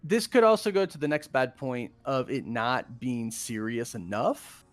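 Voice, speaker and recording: A man hosting a podcast, chatting casually about a film and acting out characters' lines in quick bursts. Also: medium pitch, dry recording, faint music behind. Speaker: podcast host. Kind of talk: casual film review chat.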